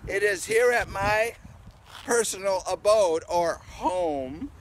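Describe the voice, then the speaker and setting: A man who is a pastor, giving a playful, animated children's message outdoors in his garden at home. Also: high voice, takes it slowly, low-quality recording. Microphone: handheld camera.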